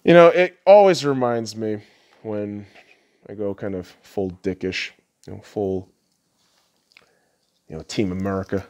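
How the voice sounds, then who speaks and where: A man's voice: lowish voice, a little slow, pauses often, a little mellow. A man hosting a podcast, ranting bluntly and crudely, mocking his listeners and laughing at his own jokes. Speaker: podcast host. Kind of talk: profane solo rant.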